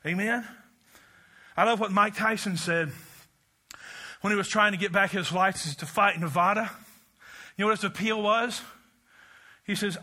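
A man preaching a sermon as pastor, telling a story with acted-out voices, swinging from loud shouts to quiet asides. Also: high-pitched, lively intonation, measured pace, long pauses.

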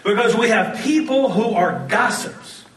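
A man preaching a sermon, telling stories in an animated way and often laughing as he talks. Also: high voice, a little slow, roomy sound, recorded from a distance, poor audio. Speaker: pastor.

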